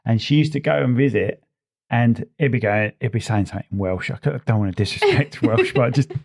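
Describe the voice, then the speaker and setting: A man's voice: medium pitch, huge pitch swings, fast talker, gravelly, a little mellow, husky. A man co-hosting a podcast, chatting casually and telling jokey, self-mocking stories. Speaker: podcast co-host. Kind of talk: casual chat.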